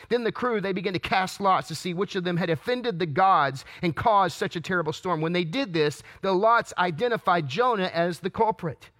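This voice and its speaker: A man's voice: sits high, lively intonation, fairly quick, fairly bright tone. A man preaching a sermon, asking earnest rhetorical questions and stumbling into restarts as he reads and explains scripture. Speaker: pastor.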